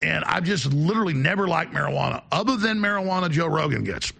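Male host, bright and forceful, slightly high, rambling storyteller. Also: animated, fast, gravelly, husky. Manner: rambling, digressive anecdotes. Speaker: show host. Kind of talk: casual on-air storytelling.

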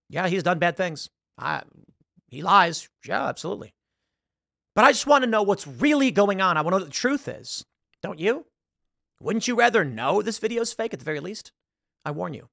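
Brief: male commentary host, conversational and rhetorical, gravelly tone. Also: sits high, big pitch swings, moderate pace, sharp tone, no room sound, studio quality. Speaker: host of a political commentary show. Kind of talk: casual commentary to camera.

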